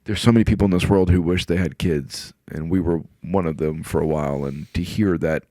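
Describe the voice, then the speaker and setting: A man's voice: deep voice, a little fast, warm tone, no echo, studio quality. A middle-aged man, a podcast guest, telling personal stories in casual chat with an earnest, emotional manner. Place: podcast studio.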